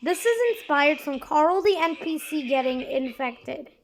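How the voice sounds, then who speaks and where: A woman's voice: sits high, expressive, measured pace. A woman rambling casually to her viewers, hesitant and often correcting herself mid-sentence. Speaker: video creator.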